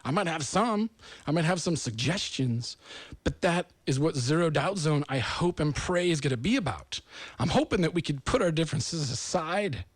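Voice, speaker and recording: A man's voice: fairly high pitch, lively intonation, moderate pace, breathy edge, no room sound. A man from the United States hosting a talk show, delivering an earnest, rambling monologue that turns emotional. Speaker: host.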